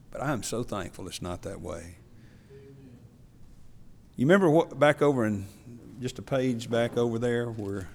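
A male pastor preaching a sermon in an earnest, confessional way, his voice swelling to loud, emphatic peaks. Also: fairly low pitch. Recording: long hall reverb.

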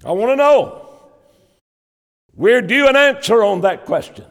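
Preacher, male, high pitch, fervent sermon delivery, church hall reverb. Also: very animated, measured pace, fairly bright tone. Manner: fervent preaching with rising emphasis; Bible quotations in old King James wording.

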